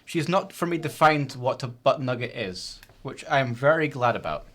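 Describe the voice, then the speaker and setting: A man's voice: mid-range voice, animated, normal speed, a bit bright. Teasing man hosting a quiz. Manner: teasing and jokey, with many stammered restarts. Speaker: quiz game host on a livestream. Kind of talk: playful casual quiz hosting.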